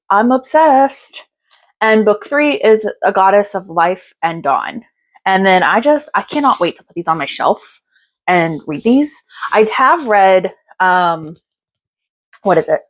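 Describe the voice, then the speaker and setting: A young woman chatting casually through a book haul, bubbly and gushing, tired and a little out of breath. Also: mid-range voice. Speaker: book vlogger.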